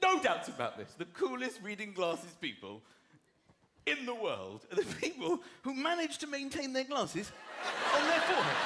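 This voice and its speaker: Male stand-up comedian, animated, high-pitched, loud live audience, noisy hall. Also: normal speed. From South of England. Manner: animated, acts out characters in silly voices. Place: theatre stage before a laughing audience. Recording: echoey live venue with loud crowd noise.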